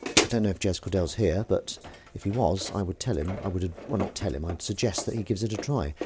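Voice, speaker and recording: A man's voice: low-pitched, fairly quick, background noise. A young man hosting a live stream, chatting casually and reading out viewers' messages. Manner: chatty, self-mocking, reads chat aloud. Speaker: livestream host. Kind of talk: casual chat while washing up.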